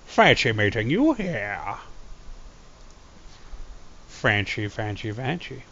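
A man's voice: lowish voice, sing-song, slow, bright, forceful tone, lo-fi sound. A man chatting casually and goofily on a live game stream. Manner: goofy, rambling, playful voices.

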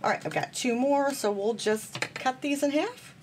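A woman's voice: high voice, normal speed. Woman, casual crafting demo, friendly rambling chatter, a touch of faint background hiss. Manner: chatty, bubbly, self-deprecating, talks to viewers as friends. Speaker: card-making host.

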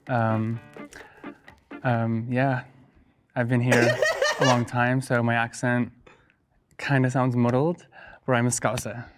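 A man from Liverpool talking slowly with a laugh about how long he has lived abroad. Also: mid-range voice, level tone, loud music behind the voice. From Liverpool, England. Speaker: contestant.

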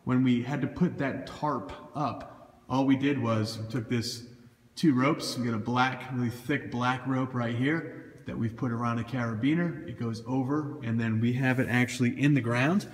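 A man's voice: mid-range voice, fairly even intonation, normal speed. A man with a Boston accent, a throws coach giving a casual, loose how-to walkthrough and correcting himself as he points things out on camera. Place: indoor gym throwing area. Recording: echoey gym with long reverb.

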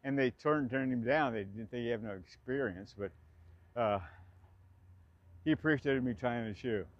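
A man's voice: mid-range voice, normal speed, dry recording, dull audio. A man in his sixties chattily recalling his old theater days outdoors in a park, rambling, restarting sentences and laughing often. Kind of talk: casual spoken reminiscence.

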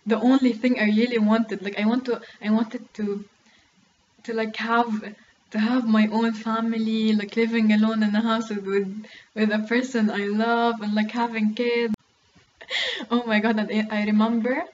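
A woman's voice: a little high, level tone, moderate pace, a little mellow, muffled recording, slight background noise. A young woman chatting to her camera at home, giggly and rambling, full of "like" and "oh my God". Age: young adult. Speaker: beauty vlogger. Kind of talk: casual chat to camera. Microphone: camera close to the face.

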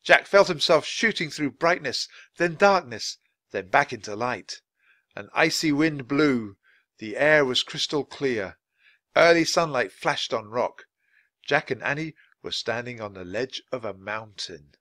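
A man's voice: mid-range voice, lively intonation, measured pace, bright, forceful tone, dry recording. A man reading a children's chapter book aloud at natural speed for language learners, with dramatic expression. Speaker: narrator.

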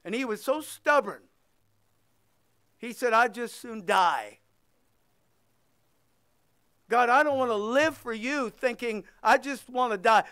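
A man's voice: extremely high pitch, fairly bright tone, clear, resonant tone, dry recording, clean studio sound. A male pastor preaching a sermon and leading a closing prayer, impassioned and emphatic, repeating phrases for weight and quoting scripture.

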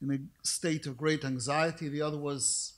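A middle-aged man giving a formal lecture, telling anecdotes with careful, precise diction, measured pacing and dry humor. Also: fairly high pitch, steady tone. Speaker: rabbinic lecturer.

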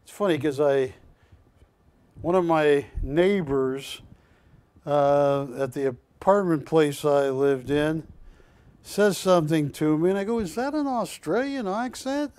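A man's voice: on the high side, takes it slowly, pauses often, a little mellow, clear, resonant tone, no room sound. An older man hosting a live shopping channel show, chatty and joking while pushing deals, recorded on a lapel mic in a TV studio. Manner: chatty, joking, pushy salesman. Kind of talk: live TV sales pitch.

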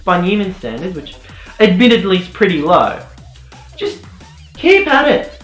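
A man's voice: very animated, measured pace, fairly bright tone. A young man in a rambling, sarcastic comedic commentary, ranting and joking as he goes. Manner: sarcastic, mock-ranting, jumpy pitch. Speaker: YouTuber commentator. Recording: roomy echo, faint music.

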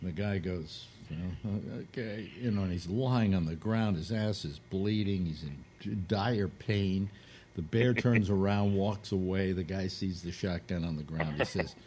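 A man's voice: low voice, measured pace, darkish tone, slight background noise. A man hosting a casual radio talk show, telling a long crude joke with acted-out quotes. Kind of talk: casual radio chat, storytelling.

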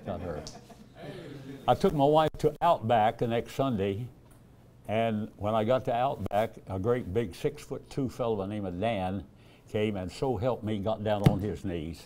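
He speaks unhurriedly in a warm, fairly low voice. An older man and evangelist, he tells folksy sermon stories, performs the dialogue loudly, and chuckles a lot.

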